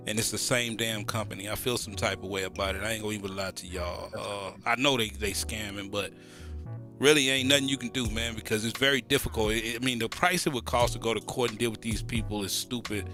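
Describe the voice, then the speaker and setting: A Southern American man co-hosting a podcast, talking loose and full of slang. His voice is bright and forceful, with faint music playing behind him. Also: lowish voice, quick pace. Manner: animated, joking, slangy. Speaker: podcast co-host. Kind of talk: casual chat.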